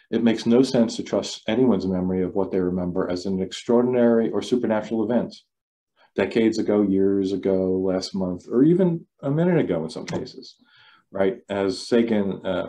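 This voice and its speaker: Lecturer, male, lowish mellow voice, loose delivery with restarts, quizzes his audience over a video call. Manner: loose, repeats words, asks the audience questions. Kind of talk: online talk to a club.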